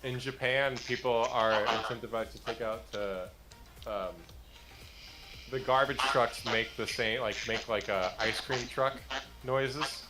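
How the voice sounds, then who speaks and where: A man's voice: mid-range voice, fairly even intonation, measured pace, rough recording. A young man co-hosting a casual talk show, playful with wry remarks. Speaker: podcast co-host. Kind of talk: casual chat. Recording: background music clearly audible.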